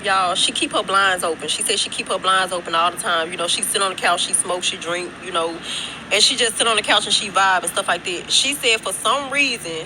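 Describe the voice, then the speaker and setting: It's a casual storytime from a young woman on her work break, spoken into her phone at a medium pitch with noise behind her. She wanders through the tale, swears a lot, and keeps saying "y'all" to the people watching.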